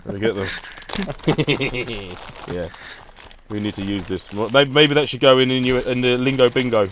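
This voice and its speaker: A man's voice: medium pitch, normal speed, background noise. A man on a podcast, ranting in a jokey way about his gear and laughing often. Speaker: podcast co-host. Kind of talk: casual chat.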